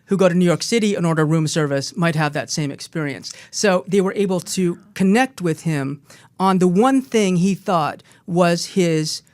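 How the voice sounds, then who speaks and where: A woman's voice: on the low side, moderate pace, hardly any pauses, darkish tone. A woman co-author on a talk show, speaking emphatically and repeating her key phrases. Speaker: co-author and former co-host.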